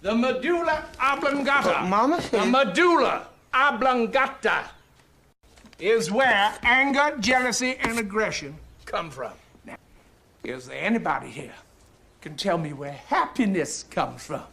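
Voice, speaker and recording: A drawling, high-voiced Southern teacher mocks his class with slow, stretched words. The clip is noisy, with hiss beneath the voice. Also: lively intonation, vocal fry, pushed and bright, heavily acted. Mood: mocking. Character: excitable Southern male science teacher in a film.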